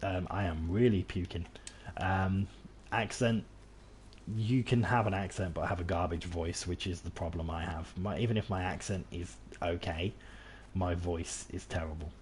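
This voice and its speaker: With a deep voice and fairly even intonation, a man from England chats at a normal pace as he plays a game. The casual commentary rambles, he mocks himself, and he often restarts, with slight background noise behind him.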